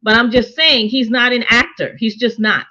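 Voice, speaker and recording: A woman's voice: a little high, fairly even intonation, normal speed, sharp tone, lo-fi sound. A woman co-hosting a casual TV review chat, emphatic and opinionated, asking rhetorical questions. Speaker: co-host reviewing a TV show.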